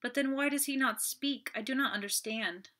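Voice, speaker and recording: A woman's voice: sits high, moderate pace, pushed and bright, voice pushed up. A woman doing a pleading young Frenchwoman. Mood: despairing. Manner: pleading, emotional. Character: distraught young Frenchwoman pleading for her love.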